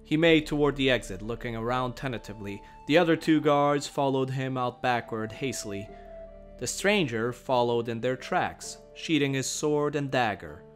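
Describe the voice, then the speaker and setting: A man reading a fantasy story aloud in a measured, steady storytelling voice. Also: medium pitch, faint music behind. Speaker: narrator. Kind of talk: dramatic audiobook narration.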